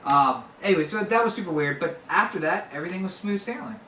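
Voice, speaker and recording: Man, young adult, fairly high voice, bright tone, casual swearing storyteller. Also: quick pace, few pauses, slight background noise. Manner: conversational, swears freely, lots of fillers. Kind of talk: casual true-story telling. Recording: echoey room, voice a bit far from mic.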